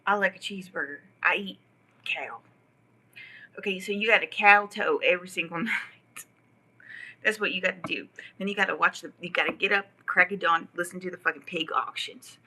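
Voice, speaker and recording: Woman livestreamer with a bright, tense, husky voice. Rambling and profane, mocking, often slipping into whispers. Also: lowish voice, fairly quick, rough recording. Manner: profane and mocking, often drops to a whisper, laughs mid-sentence. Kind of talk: rambling live-stream rant.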